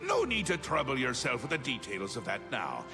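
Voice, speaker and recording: A whimsical, menacing mad god, leaping wildly between high chirps and low growls. His bright, gravelly voice rings with a long reverb in the game audio. Faint music plays behind him. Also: wildly swooping pitch, brisk. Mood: manic, capricious. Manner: wild swings from chirpy to menacing, theatrical. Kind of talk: video game voice acting.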